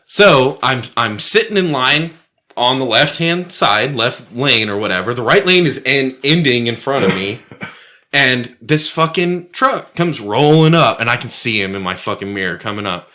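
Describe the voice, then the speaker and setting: Animated, bright-voiced profane man. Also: mid-range voice, normal speed. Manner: profane, animated anecdote telling. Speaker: podcast co-host. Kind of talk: casual storytelling chat.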